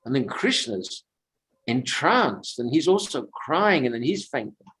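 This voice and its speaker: This low-quality recording captures a man's mid-range, sing-song voice as he shares devotional tales at a sacred lake during a pilgrimage walk. His pace is unhurried and thoughtful, and he wanders comfortably between his own anecdotes and soft-spoken remarks.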